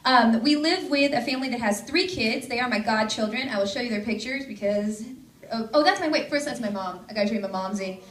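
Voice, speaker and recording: A woman's voice: on the high side, fairly quick, a bit bright, slight background noise. A woman in her thirties from the Seattle suburbs, giving a bubbly, joking conference talk as a campus ministry staff speaker, into a stage microphone before a large audience. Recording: echoey hall with crowd.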